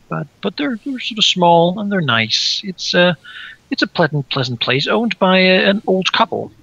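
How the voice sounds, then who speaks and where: A man narrating as game master of a tabletop game, halting with many fillers. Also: on the high side, gravelly, sharp tone, no echo, dull audio.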